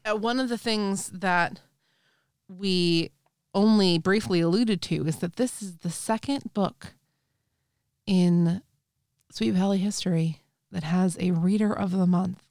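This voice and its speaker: A woman's voice: on the low side, slow pace, pauses often, darkish tone, no echo, clean studio sound. A woman hosting a podcast in casual chat, bubbly and laughing often. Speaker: podcast host.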